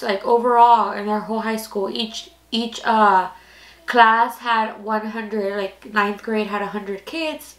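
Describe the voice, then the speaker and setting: A woman's voice: fairly high pitch, fairly bright tone. A woman in her twenties telling a personal story casually, rambling and candid, with lots of "like" fillers. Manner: candid, rambling, heavy use of "like". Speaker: storytime vlogger. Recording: echoey room.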